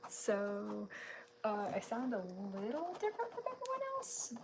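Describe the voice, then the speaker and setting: A woman's voice: medium pitch, huge pitch swings, a little slow, noisy background. Chatty woman streaming art at home. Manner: chatty, laughs often, greets viewers; keeps her voice down so her family is not disturbed. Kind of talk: casual live-stream chat while drawing. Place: at home at night.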